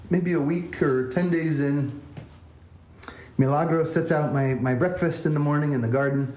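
Man, pastor, storytelling sermon, self-deprecating, fairly high voice, reverberant church. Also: a little mellow, a little hiss or hum. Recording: echoey church room.

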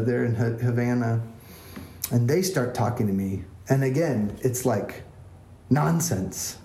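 A man's voice: fairly high pitch, a little mellow. A man, a pastor, telling a self-deprecating story as a sermon in a church. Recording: echoey church room.

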